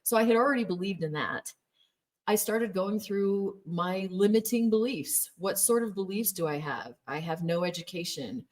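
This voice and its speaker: A woman's voice: medium pitch, normal speed, a little mellow, distant mic. A woman in her thirties telling her personal story candidly, often laughing as she speaks. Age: 30s. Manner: candid, laughs often, acts out quoted voices. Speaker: former Jehovah's Witness telling her story. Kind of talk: personal testimony.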